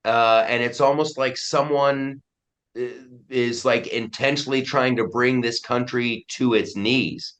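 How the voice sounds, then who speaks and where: A middle-aged man talks as a guest in a relaxed interview, his delivery emphatic and full of restarts. His voice sits at an ordinary pitch for a man. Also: unhurried. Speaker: guest comedian and commentator. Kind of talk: casual interview chat.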